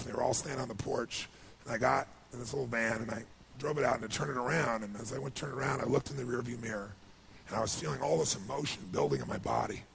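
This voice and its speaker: A man telling an emotional story to a seminar audience, building to excited outbursts. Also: medium pitch, gravelly. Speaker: motivational speaker. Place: large seminar hall with audience.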